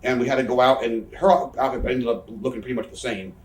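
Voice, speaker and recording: In a casual storytelling interview, a professional wrestler in his thirties speaks at a quick pace with a medium, steady pitch. He rambles, swears and mocks himself, captured by a distant mic in a spacious room.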